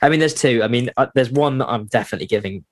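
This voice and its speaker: A man's voice: medium pitch, very fast, no echo. Dry, jokey man. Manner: jokey, laughs often. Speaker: podcast co-host. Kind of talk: casual football podcast chat.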